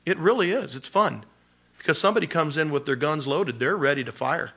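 A male pastor with a bright, forceful voice preaches a sermon. He talks in a relaxed, conversational way and laughs often. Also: on the high side, fairly quick. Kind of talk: sermon teaching.

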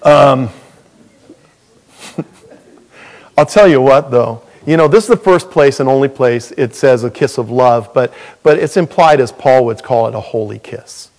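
A man's voice: medium pitch, measured pace, a little mellow. A man preaching a sermon as pastor in a church, earnest and folksy with touches of humor.

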